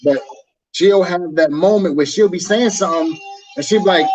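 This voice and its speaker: A man co-hosting a casual chat, explaining his view in a relaxed, humorous, conversational way. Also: high voice, normal speed, over music, poor audio. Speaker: podcast co-host.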